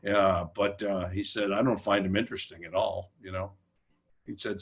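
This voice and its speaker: A man's voice: low-pitched, fairly even intonation, normal speed. An older man on a book festival panel, telling rambling, self-deprecating stories about his career, with restarts and quoted remarks. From United States. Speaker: panelist, humor writer. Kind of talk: relaxed anecdotal storytelling.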